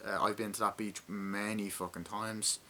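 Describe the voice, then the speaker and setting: A man's voice: fairly low pitch, little pitch movement, moderate pace, slight background noise. A man giving a casual, rambling movie review, swearing often and acting out scenes. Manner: acts out scenes with shouted lines.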